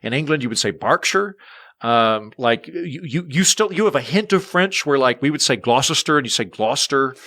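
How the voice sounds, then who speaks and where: An American man, a comedian, chatting as a podcast guest in an animated, rambling, jokey way. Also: medium pitch, fairly quick, few pauses. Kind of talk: casual chat.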